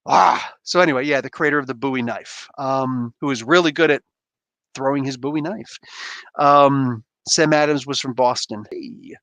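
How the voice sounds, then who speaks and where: A man's voice: mid-range voice, moderate pace, fairly bright tone, dry recording. A man hosting a livestream, chatting casually and reading viewer comments aloud, often laughing and poking fun at himself. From Canada. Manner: laid-back, laughs often, self-deprecating. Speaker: livestream host.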